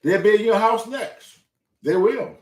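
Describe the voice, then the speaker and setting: A high-pitched man tells a neighborhood story, swearing freely and hammering each point with emphasis. His voice rings out in a roomy, echoey space. He talks as the host of a casual talk show. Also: a little slow, far from the mic. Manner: profane, emphatic and animated. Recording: roomy echo.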